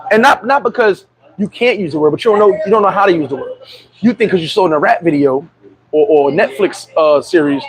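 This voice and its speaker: A man's voice: sits high, expressive, fast talker, poor audio. A man hosting a casual livestream chat, telling blunt, profane stories. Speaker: livestream host.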